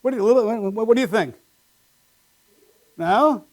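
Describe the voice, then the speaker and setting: A man's voice: high-pitched, slow. A man doing a live stand-up routine with wry, self-deprecating punchlines on a small comedy stage.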